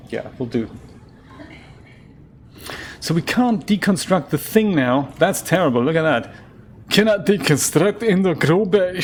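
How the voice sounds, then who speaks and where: A man's voice: high-pitched, slight background noise. A man giving casual, rambling commentary while playing a game, chatting freely and laughing easily. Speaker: game streamer.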